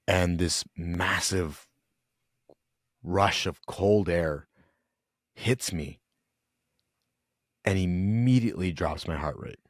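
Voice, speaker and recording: A young man speaks low and deep, his voice recorded dry with no room sound. He tells an emotional personal story as a podcast guest. His delivery is earnest and halting. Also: no echo. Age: young adult.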